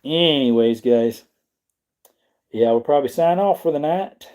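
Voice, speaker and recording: A man's voice: a little high, unhurried, darkish tone. A man hosting a casual livestream, rambling and answering his chat as he talks. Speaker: livestream host.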